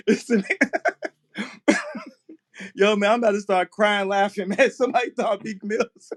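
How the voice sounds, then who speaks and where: A man talking casually as a guest in an audio chat room, telling rambling, animated stories. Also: high voice, unhurried.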